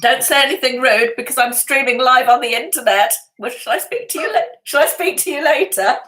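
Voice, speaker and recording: A woman's voice: high voice, brisk, a bit bright, low-quality recording. A woman, hosting a casual live stream from home, chatting and greeting viewers by name with frequent laughs. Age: 50s. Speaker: lifestyle channel host. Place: at home indoors.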